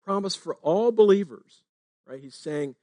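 A man's voice: high voice, expressive, measured pace, mellow, no room sound. Conversational preaching man, dry sound. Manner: conversational preaching, frequent "right?" tags. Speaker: pastor. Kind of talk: sermon.

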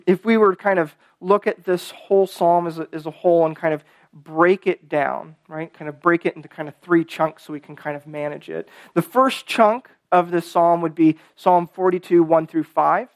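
A man's voice: a little high, fairly even intonation, moderate pace, no room sound. A man preaching a sermon in a casual, conversational way, full of "kind of" and "right?", who reads scripture aloud with rising emphasis.

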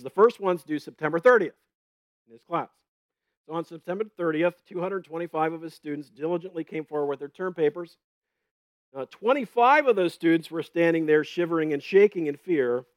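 A man's voice: on the high side, expressive, fairly quick, a little mellow, no echo. Chatty man teaching from the Bible. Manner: chatty, keeps asking "right?", retells stories with gusto; laughs at his own stories.

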